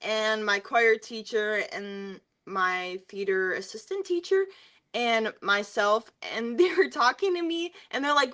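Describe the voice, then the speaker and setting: A woman's voice: a little high, measured pace, sharp tone. A young woman, a singer and interview guest, telling stories casually with lots of fillers and frequent laughter. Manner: chatty, filler-heavy, laughs often while telling stories.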